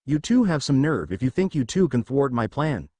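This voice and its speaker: A man's voice: medium pitch, sing-song, moderate pace, mellow, dry recording. A man voicing an irritated, pompous male mad scientist villain in a read-aloud story, in close to his own voice. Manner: irritated, boastful.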